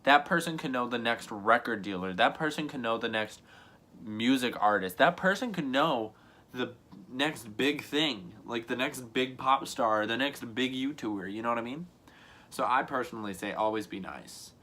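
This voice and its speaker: A man's voice: medium pitch, moderate pace, pushed and bright. A young man telling a casual storytime vlog to camera, rambling and earnest, full of "like" and "you know what I mean". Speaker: YouTuber.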